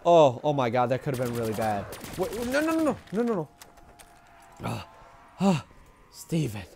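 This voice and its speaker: A young man giving live commentary over his own gameplay, excitable, swearing, rambling and repeating himself as he plays. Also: mid-range voice, moderate pace, vocal fry, slight background noise.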